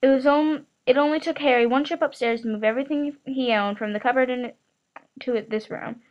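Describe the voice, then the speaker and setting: A woman reads a novel aloud in a halting, amateur manner. She often trips over words and starts them again. Her voice sits a little high. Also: muffled recording. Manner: halting, frequent stumbles and restarts. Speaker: reader.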